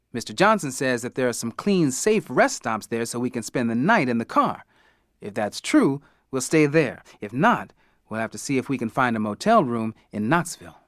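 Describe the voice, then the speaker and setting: A man voicing a brisk, practical mother. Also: mid-range voice, fairly bright tone, dry recording, clean studio sound. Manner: brisk, matter-of-fact, list-reading. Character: organized, practical mother planning a family trip.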